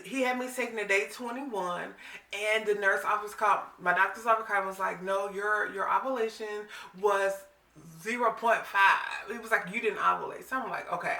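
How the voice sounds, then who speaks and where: Animated woman in her forties, echoey room. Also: medium pitch, distant mic. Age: 40s. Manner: animated, dramatic retelling with quoted voices. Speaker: vlogger. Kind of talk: casual storytelling vlog.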